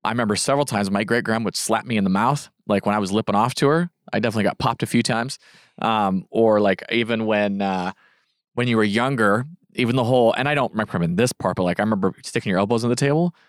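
A man's voice: on the low side, fast, no echo, studio quality. A man in his thirties co-hosting a podcast, chatty and casual, full of fillers and asides. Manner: chatty, frequent "like" and "right?". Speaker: podcast co-host.

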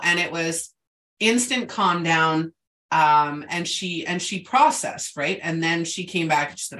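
A woman's voice: low-pitched, measured pace, fairly bright tone, recorded from a distance. A middle-aged woman hosting a casual chat, telling stories in a chatty way full of fillers and asides. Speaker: host.

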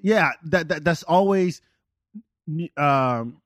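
Chatty podcast host, dry close sound. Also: male voice, a little high, animated, slow pace, a bit bright, no echo. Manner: loose, chatty, laughs easily. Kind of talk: casual podcast chat. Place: Texas.

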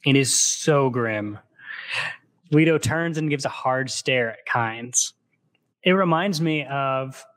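A man's voice: mid-range voice, no echo. Man retelling a novel casually. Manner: animated retelling, slips into character quotes. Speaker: book podcast co-host. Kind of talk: casual book discussion with read-aloud passages.

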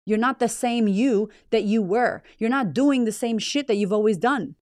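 A woman's voice: fairly high pitch, normal speed, a little mellow, dry recording, clean studio sound. A woman hosting a motivational podcast, talking bluntly and emphatically with lots of swearing and repeated phrases. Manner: blunt, heavily profane, emphatic and raw. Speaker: podcast host and business owner.

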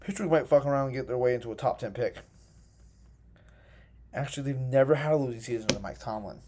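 A man's voice: mid-range voice, fast, background noise. A young man hosting a casual solo sports podcast, rambling through picks, cursing and correcting himself, on uneven home audio. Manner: rambling, profane, self-correcting. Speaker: podcast host.

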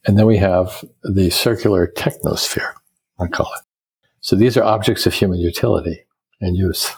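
A man's voice: sits low, moderate pace, creaky, slightly rough, poor audio. An older American man, an architect, telling stories and explaining ideas in a reflective interview. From United States. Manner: reflective, storytelling, quotes others in lively voices. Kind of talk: conversational interview.

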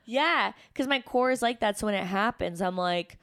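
A young woman in casual chat as podcast co-host, animated, jumping into high voices when she quotes herself. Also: normal speed, clean tone.

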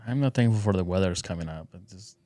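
A middle-aged man, a father appearing as a podcast guest, speaking in brief, relaxed casual chat. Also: deep voice, quick pace, no echo.

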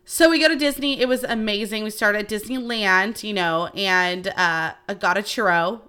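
A woman around thirty hosting a podcast, telling stories in a casual, animated way and swearing freely. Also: mid-range voice, normal speed, clean tone. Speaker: podcast host. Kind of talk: casual storytelling chat.

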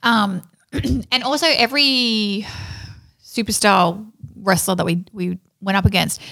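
A woman's voice: medium pitch, steady tone, measured pace, bright, forceful tone. Woman podcast co-host, easygoing, jokey, mid-range voice. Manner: laid-back, laughs easily, jokey. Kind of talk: casual chat.

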